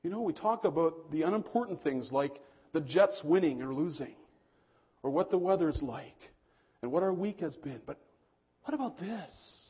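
A man preaching a sermon to his congregation as pastor, swelling on key lines and dropping low and slow for emphasis. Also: lively intonation, slightly rough, lo-fi sound.

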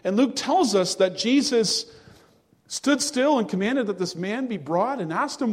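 A man preaching a sermon to his congregation, earnest and measured, drawing out words for emphasis. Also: sits high, lively intonation, husky, long reverb tail. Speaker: pastor.

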